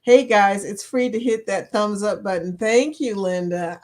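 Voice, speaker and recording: A woman's voice: medium pitch, slow pace, darkish tone. A woman in her fifties hosting a casual live chat, reading viewer comments aloud, laughing often and playful. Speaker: livestream host.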